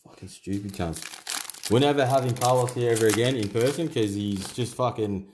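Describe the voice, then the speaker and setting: A man's voice: medium pitch, fairly quick, noisy background. A young Australian man hosting a card-opening video, swearing constantly and rattling off player names in casual commentary. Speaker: card-opening channel host.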